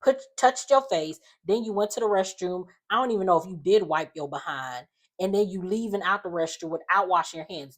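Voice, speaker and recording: A woman's voice: fairly low pitch, fairly quick. Sassy woman recapping reality TV. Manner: animated, sassy storytelling with slangy asides and laughter. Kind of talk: casual reality show recap.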